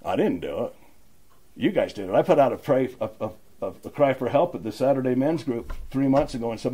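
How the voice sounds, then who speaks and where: Standing before a meeting in a meeting room, an older man tells how he recovered, speaking in homespun, everyday words with heartfelt, unpolished sincerity. His mid-range voice is mellow, slightly rough and expressive, and he keeps a quick pace.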